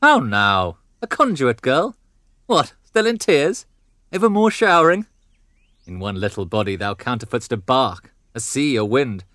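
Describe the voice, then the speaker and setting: A man playing a furious, domineering noble father in a classical drama, blustering between growls and shouts. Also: mid-range voice, big pitch swings, a little slow, no room sound, studio quality. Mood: mocking.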